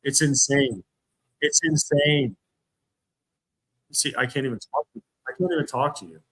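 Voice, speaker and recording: A man's voice: medium pitch, normal speed, a bit bright, husky, low-quality recording. A man on a livestream, ranting angrily and bitterly, repeating himself as he talks. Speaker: streamer. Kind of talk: angry livestream rant.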